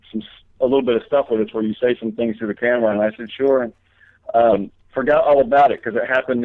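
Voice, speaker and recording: A man's voice: medium pitch, dry recording. A man talking as a guest comedian in a casual interview, telling long rambling stories with many fillers and restarts. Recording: tinny phone line.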